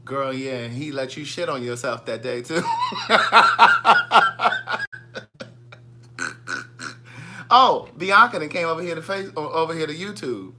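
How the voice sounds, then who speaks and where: A man with a Southern US accent hosting a casual livestream, chatting in a gossipy, animated way and reading viewer comments aloud. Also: on the high side, brisk, hardly any pauses, slight background noise. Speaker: livestream host.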